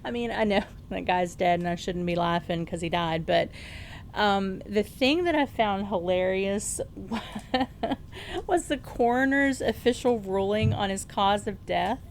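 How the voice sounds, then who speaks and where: A woman co-hosting a podcast tells a story in casual chat, speaking at a measured pace in a medium-pitched voice over a slight hiss or hum. She sounds amused, laughs often, and uses lots of fillers.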